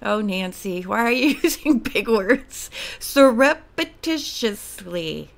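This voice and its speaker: A woman's voice: medium pitch, a little slow, creaky. A woman reading a mystery novel aloud in outtakes, tripping over words, giggling and teasing her own slips. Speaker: audiobook reader.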